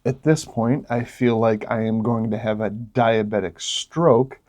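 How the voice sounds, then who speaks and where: Slow-talking, mellow-voiced man. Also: on the low side. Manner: relaxed, jokey, exclaims while tasting. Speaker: beer vlogger. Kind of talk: casual tasting vlog.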